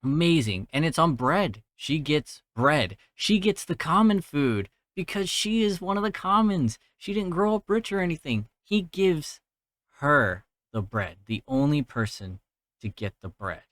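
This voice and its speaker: A man's voice: fairly high pitch, big pitch swings, measured pace, a bit bright, no echo, studio quality. A young man hosting a podcast, casually recapping a film's plot, swearing freely and laughing at his own jokes. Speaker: podcast host recapping a film. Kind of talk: casual solo movie recap.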